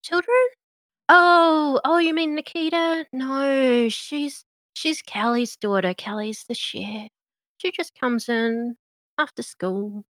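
A woman's voice: high-pitched, takes it slowly, a bit bright, pitched above the performer's own voice. A woman voicing a bubbly, chatty female diner owner who gossips freely.

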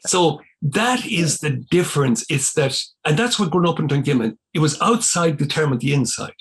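An older Irish man, a priest, telling a long personal story in conversation, animated and rising in pitch when he quotes himself. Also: moderate pace, a little hiss or hum. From Ireland.

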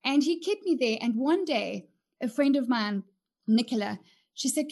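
Woman, middle-aged, high-pitched, earnest, heartfelt storytelling. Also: normal speed. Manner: earnest, animated, tearful at times. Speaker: image coach, guest. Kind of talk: emotional personal storytelling.

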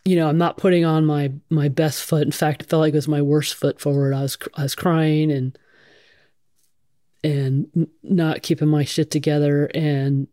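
Woman, middle-aged, frank, casual swearing, smooth voice, dry close sound. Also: low voice, level tone, moderate pace, mellow, dry recording. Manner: frank, plain-spoken, swears casually, many restarts. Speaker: guest, firefighter. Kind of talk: candid interview storytelling.

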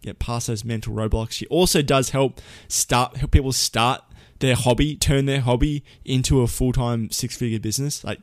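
A man's voice: medium pitch, dry recording, studio quality. A man hosting a podcast, talking in a chatty, upbeat way with fillers and restarts. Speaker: podcast host. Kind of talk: casual podcast intro.

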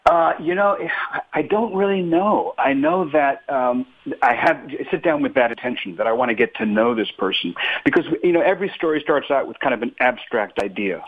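A man's voice: medium pitch, brisk. A male author talking thoughtfully about his writing as a guest in a radio interview, often stopping to correct himself. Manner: thoughtful, animated, self-correcting. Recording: phone-line guest audio.

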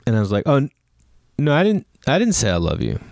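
A man's voice: medium pitch, wildly swooping pitch, quick pace, gravelly, darkish tone, no room sound, clean studio sound. A man in his thirties talking casually on his own podcast, rambling through stories and acting out quotes in a raised voice. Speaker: podcast host. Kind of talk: casual solo podcast monologue.

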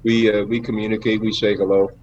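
A man's voice: fairly low pitch, flat delivery, fast talker, a little mellow. A man guest on an interview, telling rambling stories with many fillers and laughs. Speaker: actor guest. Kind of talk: casual interview storytelling. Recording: dull lo-fi with faint noise.

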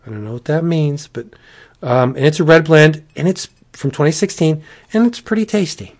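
A man's voice: a little high, normal speed, darkish tone. A man hosting a casual podcast, joking and rambling through a sponsor read with playful asides. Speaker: podcast host.

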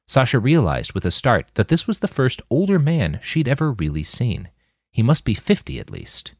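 A man narrating an audiobook chapter in a scripted, expressive reading on a close mic. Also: mid-range voice, moderate pace, no echo. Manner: expressive, wide-ranging reading.

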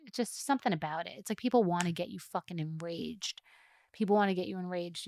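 A woman's voice: fairly low pitch, fast talker, dry recording. Fired-up woman ranting, dry close mic. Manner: animated, mocks a calm whispery customer-service voice. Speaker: podcast host. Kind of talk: solo ranting podcast talk.

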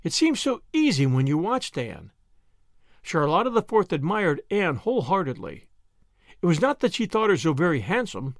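A man narrating a novel aloud, storytelling in an expressive way. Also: high voice, moderate pace, no echo, studio quality. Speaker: audiobook narrator. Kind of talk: scripted narration.

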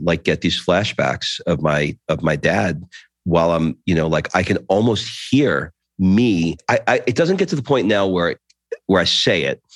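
A man in his fifties with a very deep voice hosts an interview. He asks probing questions quickly and haltingly, often restarting his sentences. The sound is dry and close. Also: no room sound. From New York. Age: 50s. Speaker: podcast host. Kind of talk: interview conversation.

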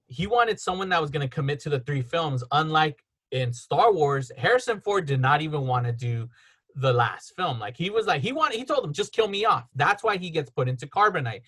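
A man's voice: fairly high pitch, very animated, a bit bright. A man hosting a casual podcast chat at home, rambling through film trivia and laughing often. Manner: rambling, storytelling with quick laughs. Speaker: podcast host.

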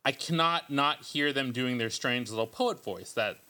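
Bright-voiced joking man hosting. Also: medium pitch, normal speed, smooth. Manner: joking, loose, with frequent ums. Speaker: podcast host. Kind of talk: casual comedic podcast chat.

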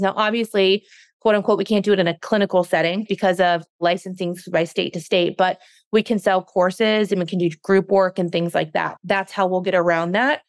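A woman's voice: on the low side, dry recording. A woman guest on a podcast interview, a fitness coach who talks earnestly and passionately and becomes openly emotional about her work.

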